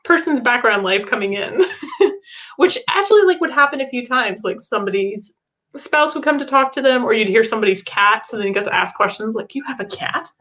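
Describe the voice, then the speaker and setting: A woman's voice: on the high side, animated, brisk, a bit bright. A woman co-hosting a casual chat, laughing often as she tells stories. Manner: giggly, laughs through her stories. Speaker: podcast co-host, game demo runner. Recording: slightly dull lo-fi sound.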